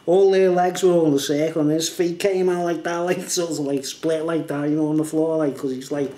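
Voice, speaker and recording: A man's voice: fairly high pitch, fairly even intonation, a little fast, warm tone, echoey room, a little hiss or hum. A man telling a story in a rambling, casual way, laughing often and filling gaps with "like" and "you know". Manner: rambling, laughing often, heavy use of fillers. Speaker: vlogger.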